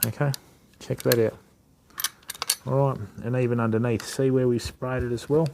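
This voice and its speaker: A man's voice: medium pitch, flat delivery, moderate pace, vocal fry, background noise. A middle-aged man from Western Australia with an Australian accent, chatting casually to live-stream viewers while servicing fishing reels. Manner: casual, matey, chats to viewers while working. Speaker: fishing channel host. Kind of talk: live-stream reel maintenance demo.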